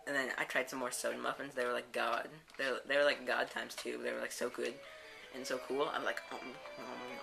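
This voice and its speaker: A woman with an extremely deep voice hosts a let's play, rambling through a story and stringing everything together with "and then, like." Loud game music sits under her the whole time. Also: level tone, brisk, creaky. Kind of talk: rambling storytelling over gameplay.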